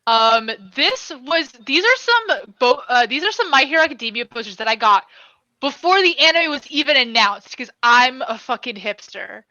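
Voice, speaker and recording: A woman with a slightly high, bright voice rambles casually and swears freely. The sound is dry and a little dull, like a phone mic close up. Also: big pitch swings, moderate pace, no room sound. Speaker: podcast co-host giving a room tour. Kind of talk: casual chat.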